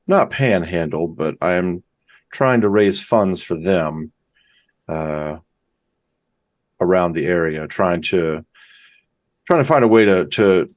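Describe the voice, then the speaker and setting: A man introducing his tabletop game character, speaking hesitantly with many pauses. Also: sits low, no echo. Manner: hesitant, halting.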